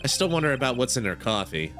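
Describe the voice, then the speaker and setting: A man's voice: mid-range voice, sing-song, fast talker, fairly bright tone, soft background music. Playful man reading a game aloud. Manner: playful, musing asides to himself. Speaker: gaming streamer. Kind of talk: reading a visual novel aloud and commenting.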